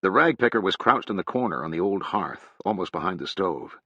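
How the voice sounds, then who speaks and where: A man narrating a literary novel in an even, measured reading. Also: low voice, husky, dry recording. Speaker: audiobook narrator. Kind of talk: scripted narration. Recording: dull, dry sound.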